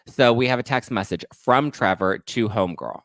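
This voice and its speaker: A man's voice: mid-range voice, normal speed, fairly bright tone, dry recording. A man hosting a reality TV gossip show, reading text messages aloud and adding sassy, sarcastic asides. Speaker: pop culture podcast host.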